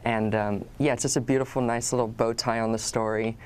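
A man's voice: medium pitch, flat delivery, a little fast, darkish tone, clear, resonant tone. A man being interviewed about his acting work, answering in an easygoing, chatty way and laughing often. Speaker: actor guest.

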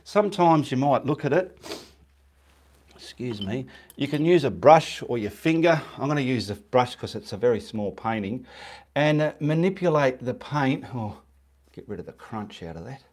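A man's voice: mid-range voice, expressive, normal speed, darkish tone. A man talking casually through a live painting demonstration, chatting as he works and muttering to himself between steps. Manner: chatty, casual, talks while working. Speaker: painting instructor. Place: home studio, indoors.

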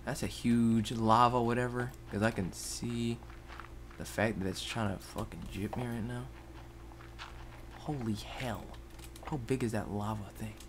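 A man giving rambling Let's Play commentary at his computer, jumping between loud outbursts and muttered whispers. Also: medium pitch, steady tone, a little slow, pauses often, noisy background. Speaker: gaming YouTuber. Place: at a computer, indoors.

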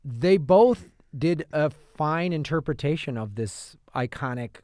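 A man's voice: a little high, animated, measured pace, a little mellow, dry recording. A man co-hosting a film review podcast in a studio, talking casually and rambling with many restarts. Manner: rambling, lots of fillers and restarts. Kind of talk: casual chat.

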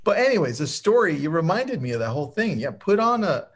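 A man's voice: on the high side, sing-song, fast talker, husky. A man co-hosting a webinar in casual chat, upbeat and enthusiastic as he tells stories. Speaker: webinar co-host.

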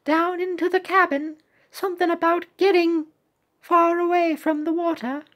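A woman voicing a cheerful young shark cookie sidekick in a game cutscene, high and chirpy. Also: little pitch movement, moderate pace, a bit bright.

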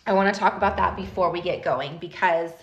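A woman in her thirties hosting a live stream, talking casually and directly to her viewers in an animated, chatty way. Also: on the low side, fairly quick, lo-fi sound. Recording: echoey room.

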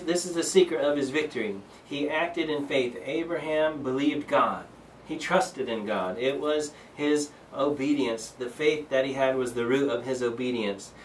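A man's voice: mid-range voice, roomy sound, far from the mic, slight background noise, poor audio. A man leading a Bible study, reading scripture aloud and explaining it earnestly, with many fillers and restarts. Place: church room.

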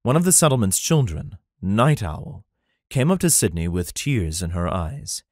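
A man narrating a fantasy romance audiobook in an even, plain storytelling manner. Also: sits low, a little slow, dry recording, studio quality. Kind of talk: scripted narration.

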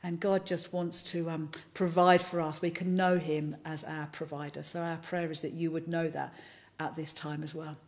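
Woman, service leader, low-pitched, chatty and playful sign-off. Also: little pitch movement, normal speed, a little mellow. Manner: chatty and playful, talks while eating biscuits. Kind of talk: casual closing remarks to an online congregation.

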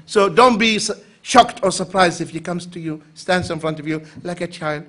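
Male lecturer from the Emirates, high, bright and lively delivery, acts out characters in anecdotes. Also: normal speed. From United Arab Emirates. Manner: animated storyteller, acts out quoted voices for humor. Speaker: Islamic lecturer. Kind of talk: conference lecture with acted anecdotes.

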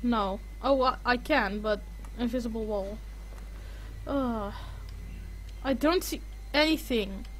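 A woman's voice: fairly high pitch, slow pace, pauses often, fairly bright tone, slight background noise. A woman playing a horror game, panicking, swearing and muttering to herself as she goes. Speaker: gaming streamer. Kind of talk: horror game let's play commentary.

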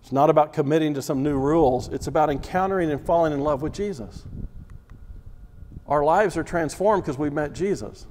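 A man's voice: fairly high pitch, brisk, a little mellow, a little hiss or hum. A man teaching a Bible class as a sermon, preaching emphatically with repeated phrases and rhetorical questions. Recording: long reverb of a large hall.

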